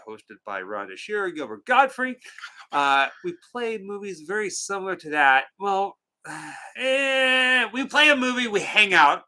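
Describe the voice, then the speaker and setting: A man with a high, sharp voice co-hosts a movie watch party livestream, chatting casually and joking. He reads out viewer names and greets them playfully with theatrical flair.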